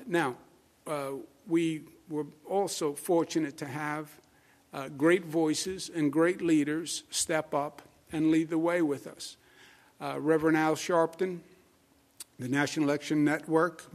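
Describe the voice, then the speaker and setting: A man with a Queens New York accent, a state official giving a press briefing statement with emphatic repetition and frequent filler sounds. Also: a little high.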